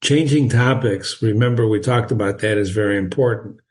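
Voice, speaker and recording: A man's voice: on the low side, normal speed. A man reading a classic novel aloud and explaining it as a teacher, chatty and encouraging, with frequent chuckles and digressions.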